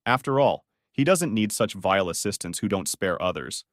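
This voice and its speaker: A man's voice: fairly low pitch, expressive, normal speed, no room sound, studio quality. A man narrating a story recap in a scripted, dramatic storytelling manner.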